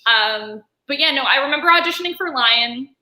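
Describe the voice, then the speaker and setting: A woman's voice: high voice, animated, fairly quick, pushed and bright, echoey room, rough recording. A woman with a Canadian accent, a voice actress guest chatting in an interview and acting out the dialogue she quotes. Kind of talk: casual interview chat.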